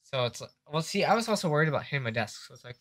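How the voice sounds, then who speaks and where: Racing along in a fairly high, sing-song, fairly bright voice, a young man livestreams a horror game from his desk mic. He banters with viewers, swears constantly, and gets jumpy whenever something scares him.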